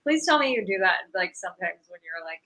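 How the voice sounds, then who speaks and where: Animated woman with a bright voice. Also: medium pitch, a little fast, rough recording. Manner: animated, laughs often. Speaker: guest comedian. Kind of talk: casual interview chat.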